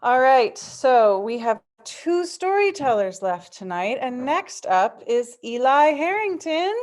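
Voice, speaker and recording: A woman's voice: sits high, very animated, takes it slowly, a little mellow. A woman hosting a live storytelling event, friendly and encouraging as she thanks a teller and introduces the next. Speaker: event host.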